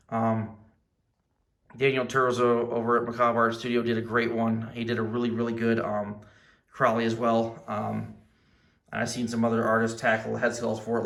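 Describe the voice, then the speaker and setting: A man's voice: medium pitch, creaky, fairly bright tone. A man doing a casual show-and-tell review of a collectible figure, enthusiastic and rambling, with many fillers and restarts.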